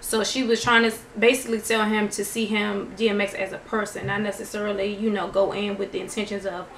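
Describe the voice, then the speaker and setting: A woman casually recapping a TV show in a vlog, chatty and animated, quoting people as she goes. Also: medium pitch, brisk. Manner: chatty, animated retelling with quoted dialogue. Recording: echoey room, faint noise.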